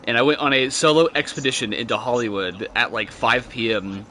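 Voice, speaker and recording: A man's voice: medium pitch, a little fast, bright, forceful tone, a little hiss or hum. A young man, telling rambling, profane stories while gaming with friends. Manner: rambling, profane storytelling with laughs. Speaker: gamer chatting with friends. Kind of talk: casual gaming chat.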